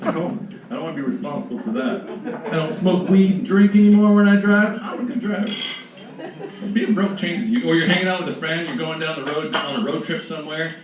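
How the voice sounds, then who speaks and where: A man's voice: on the high side, fairly quick, very echoey. A middle-aged man hosting a live comedy show, telling self-deprecating stand-up jokes into a handheld microphone. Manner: wry, self-deprecating punchlines. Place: live comedy room with audience laughter. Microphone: handheld stage microphone. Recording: distant, dull, noisy live room recording.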